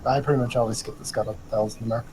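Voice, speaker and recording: A man chiming in with quick offhand remarks during a casual gaming chat. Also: on the low side, fairly even intonation, background noise.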